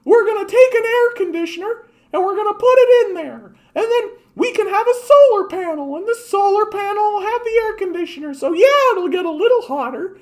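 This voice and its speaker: Man doing a squeaky mocking optimist. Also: expressive, a little fast, few pauses. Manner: mocking falsetto with giggles. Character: naive chirpy optimist, adult, mocked.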